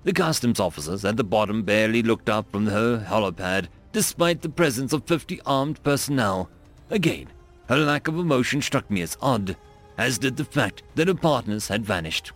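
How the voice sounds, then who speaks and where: A man reads a science fiction story aloud with a gravelly voice and a lively, rising and falling intonation. Faint music plays under the narration, and the pitch sits mid-range. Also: moderate pace. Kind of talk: scripted narration of a sci-fi story.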